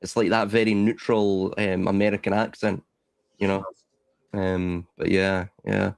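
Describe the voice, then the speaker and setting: A man with a Scottish accent chats casually on a stream, his voice sitting a little low. He talks playfully and stumbles into restarts. The recording is dry and close. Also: flat delivery, a little slow, creaky, no echo. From Scotland. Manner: chatty, stumbling restarts, playful about slang. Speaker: stream host.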